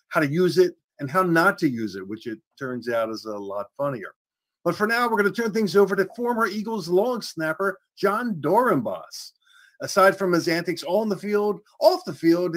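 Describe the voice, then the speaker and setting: An upbeat male host reading show links in a high voice for a man. He drops in small jokey asides between the introductions. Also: a bit bright.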